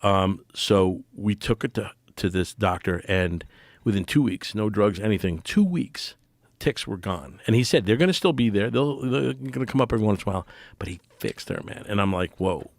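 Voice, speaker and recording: Low gravelly american guy, middle-aged, podcast guest, lots of restarts and fillers, dry close mic. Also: no room sound. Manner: halting, full of restarts and fillers, earnest. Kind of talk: casual conversation.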